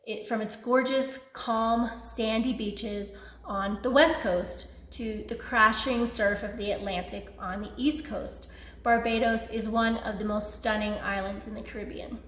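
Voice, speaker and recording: A woman's voice: on the high side, steady tone, unhurried, a bit bright. A woman hosting a charity benefit, reading auction items in an upbeat, promotional way. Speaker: benefit host. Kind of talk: scripted auction announcements. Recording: echoey room.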